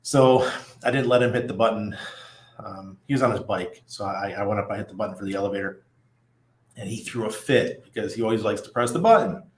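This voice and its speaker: A man's voice: on the low side, brisk. A middle-aged man hosting a casual livestream, chatting loosely, laughing often and reading viewer comments aloud. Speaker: livestream host. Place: apartment above a busy nightlife street. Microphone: studio mic at desk. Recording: echoey room.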